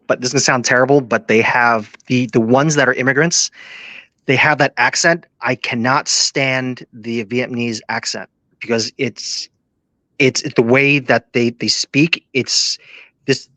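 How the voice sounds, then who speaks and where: A man's voice: medium pitch, bright, forceful tone, no room sound. A man chatting as a guest, hesitant and stammering, often repeating his words. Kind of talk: casual podcast chat.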